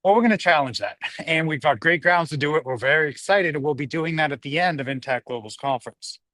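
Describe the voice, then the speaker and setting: A man's voice: fairly high pitch, fast talker, pushed and bright, dry recording. A man hosting a casual livestream while walking his dog outdoors. He rambles, reads viewer comments aloud and is slightly out of breath. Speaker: livestream host. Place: outdoors on a hillside street.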